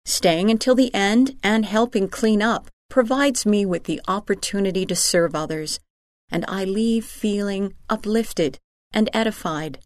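A woman giving a measured, sincere scripted reading of letters. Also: medium pitch, no echo, clean studio sound.

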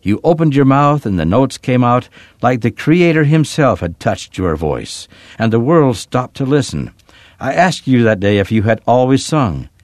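A man voicing an earnest young girl who pleads with her father, lifting his voice higher for her. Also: sing-song, normal speed, no echo, studio quality, lightly acted. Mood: pleading. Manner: earnest, pleading, rising to shouts.

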